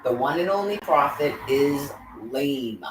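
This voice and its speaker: A woman's voice: deep voice, lively intonation, a little slow, a little hiss or hum. A woman in an agitated, profanity-filled angry monologue to camera. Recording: roomy echo.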